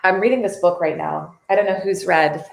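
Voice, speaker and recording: A woman's voice: fairly low pitch, a little fast, creaky, reverberant. A woman hosting a casual live stream, earnest and tearful, reading viewer comments aloud.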